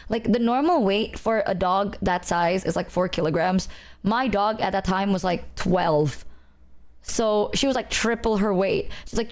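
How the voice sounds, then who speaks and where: High-voiced rambling young woman streamer. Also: a little fast. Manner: rambling, animated storytelling with lots of "like" and "bro". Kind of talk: casual chat.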